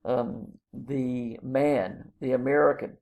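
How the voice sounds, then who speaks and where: A man, a college English instructor, explaining literary terms in a lecture, pausing often with ums and uhs. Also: medium pitch, steady tone, narrow, tinny audio.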